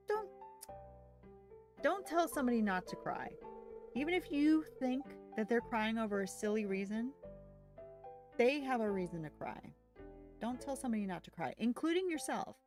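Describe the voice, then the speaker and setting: A woman's voice: on the high side, sing-song, moderate pace, pauses often. A woman streamer chatting casually as she plays a farming game, easygoing and thinking aloud while she talks. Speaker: gaming streamer. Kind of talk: casual gameplay commentary. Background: faint music.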